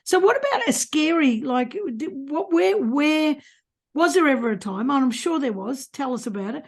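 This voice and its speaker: A woman with a high voice hosts a casual podcast interview. She reacts to her guest with short, quick exclamations and asks loose, rambling questions. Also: lively intonation. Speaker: podcast host.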